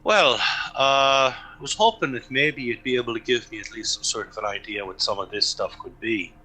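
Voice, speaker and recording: A man's voice: medium pitch, moderate pace, pushed and bright, breathy edge, rough recording. A man playing a tabletop game, describing his character's actions with some hesitation. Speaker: player. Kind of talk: tabletop role-play.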